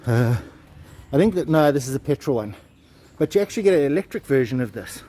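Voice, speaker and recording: A man's voice: mid-range voice, lively intonation, quick pace, mellow. A man telling a folk tale while walking a town street, chatty and full of asides. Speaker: travel vlogger. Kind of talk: casual walking vlog and storytelling. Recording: outdoor street with passing cars. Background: traffic.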